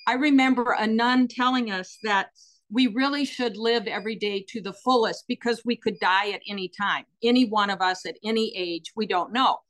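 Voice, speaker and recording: A middle-aged woman, a guest telling personal stories in an interview, earnest and animated with frequent fillers. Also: medium pitch, normal speed. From United States.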